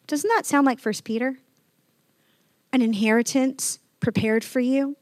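A woman's voice: high-pitched, steady tone, unhurried, long pauses, darkish tone, no room sound. Woman pastor preaching in a dry sound. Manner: conversational storytelling, building to emphatic scripture reading. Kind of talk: sermon.

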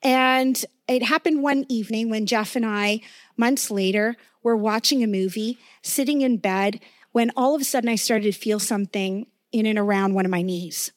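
A woman with a fairly high voice delivers a sermon with personal testimony at a normal pace, in studio-quality audio with no room sound. The preacher talks earnestly and conversationally, often checking in with her listeners.

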